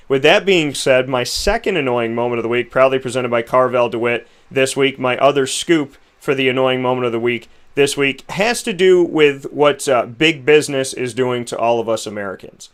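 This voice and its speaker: A male host talks through his frustrations in loose, rambling commentary. He keeps asking rhetorical questions. His voice is smooth and resonant, at a middle pitch. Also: a bit bright. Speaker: show host. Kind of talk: opinion commentary.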